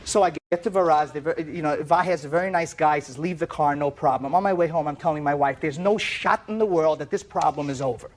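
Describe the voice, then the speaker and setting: Man, high-pitched, animated courtroom testimony, repeats words, tumbling delivery. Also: fast, few pauses. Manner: excitable, repeats and stumbles over words. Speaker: plaintiff in a TV courtroom case.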